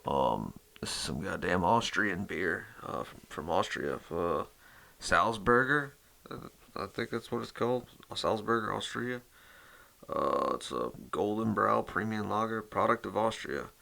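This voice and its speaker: A man's voice: fairly low pitch, animated, measured pace, vocal fry, bright, forceful tone. A man hosting his metal music channel in a rambling casual chat, cursing constantly and full of fillers.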